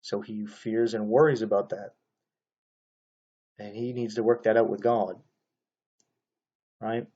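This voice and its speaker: A man's voice: on the low side, fairly even intonation, measured pace, pauses often, warm tone, highs cut off. A man talking casually into his own camera, commenting on another preacher's video in a rambling monologue full of fillers and restarts.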